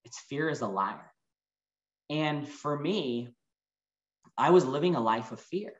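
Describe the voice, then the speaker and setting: A man's voice: fairly high pitch, lively intonation, roomy sound, dull audio. A man, giving an earnest, emotional motivational talk and telling personal stories. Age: 40s. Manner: earnest and emotional, storytelling with reflective pauses. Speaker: motivational speaker.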